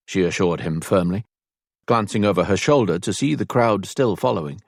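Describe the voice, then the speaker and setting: A man narrating an audiobook in measured, even storytelling. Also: sits low, gravelly, no echo, studio quality. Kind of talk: scripted narration.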